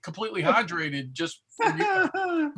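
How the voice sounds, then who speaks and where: A man's voice: sits high, wildly swooping pitch, unhurried, a loud crowd. A man on a video-call panel, cracking wry jokes in casual chat. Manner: joking, wry asides.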